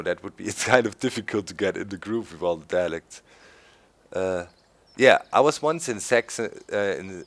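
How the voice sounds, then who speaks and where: A man from Swabia with a German accent, chatting casually as host of a gameplay video, laughing often. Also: fairly low pitch. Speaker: let's play host.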